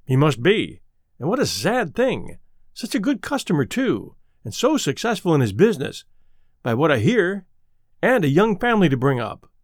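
A man's voice: on the high side, huge pitch swings, moderate pace, dry recording, clean studio sound, full character voice. A man voicing a wailing, fretful old innkeeper. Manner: anxious, wailing. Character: frightened elderly male innkeeper, nervous.

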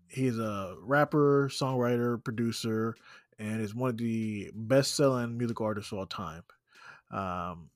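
A man's voice: on the low side, dry recording. A man hosting a podcast in casual chat, easygoing, with many ums. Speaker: podcast host.

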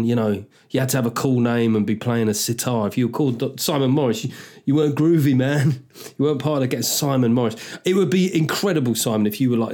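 A man's voice: mid-range voice, a little mellow. A middle-aged man in his forties hosting a comedy podcast, riffing and swearing in a loose, joking monologue. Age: 40s. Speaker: podcast host.

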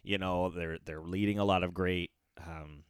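A young man with a very deep voice hosts a casual podcast, rambling through his thoughts with frequent restarts and easy chuckles. The sound is dry and close to the mic. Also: fairly even intonation, moderate pace, smooth, dry recording. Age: young adult. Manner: rambling, many fillers and restarts, chuckling often. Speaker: podcast host.

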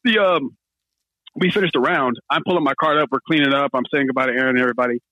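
Fast, animated male podcast storyteller. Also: medium pitch, dry recording, dull audio. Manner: animated, laughing storyteller, acts out quotes. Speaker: podcast host. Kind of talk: casual storytelling.

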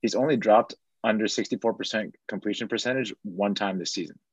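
Man, low-pitched voice, dry and dull lo-fi sound, casual sports podcast, rattles off stats. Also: brisk, slightly rough, no room sound. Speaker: fantasy football segment host.

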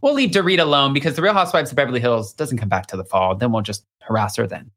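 Animated male storyteller from Texas. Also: mid-range voice, fast talker. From Austin, Texas. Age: 30s. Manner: animated storyteller who acts out quoted voices. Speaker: podcast guest, magazine writer. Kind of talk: casual pop-culture chat.

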